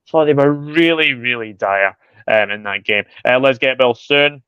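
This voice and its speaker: Male host, casual livestream chat, smooth voice, slightly muffled dry recording. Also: medium pitch, unhurried, no echo. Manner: chatty, greets viewers by name, many fillers. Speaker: football channel host reading live chat.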